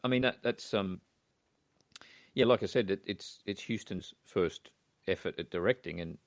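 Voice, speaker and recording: A man's voice: sits low, normal speed, no room sound. A man co-hosting a podcast, talking casually about a film with hesitant, trailing phrasing. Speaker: podcast co-host.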